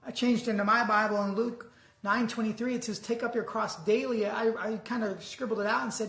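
A preacher giving an earnest sermon, reading scripture aloud slowly and deliberately. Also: mid-range voice, steady tone, gravelly, fairly bright tone, echoey room.

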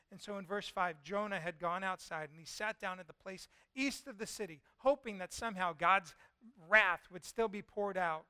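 A male pastor preaching a sermon and retelling a scripture story with lively storytelling. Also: high voice, moderate pace, clean tone, no room sound. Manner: lively storytelling, voicing God and Jonah in quotes.

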